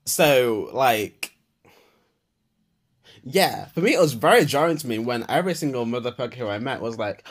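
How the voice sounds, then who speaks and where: This young podcast host's mid-range voice swings widely in pitch and sounds slightly rough, moving at normal speed. In an unscripted voicenote monologue, he curses freely and wanders through a rant full of fillers.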